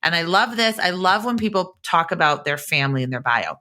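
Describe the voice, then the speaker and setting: A woman's voice: lowish voice, lively intonation, fairly quick, sharp tone. A woman hosting a nonprofit podcast, upbeat and enthusiastic as she introduces her guest. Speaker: podcast host. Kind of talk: podcast interview.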